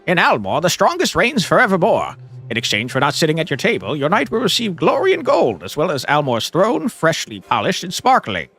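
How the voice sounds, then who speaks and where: A man's voice: on the high side, huge pitch swings, a little fast, a bit bright, husky, soft background music, full character voice. A man reading out a pompous, long-winded male count in a video game, in a grandiose, overly formal manner. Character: pompous verbose male count, fawning herald. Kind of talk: reading game dialogue aloud.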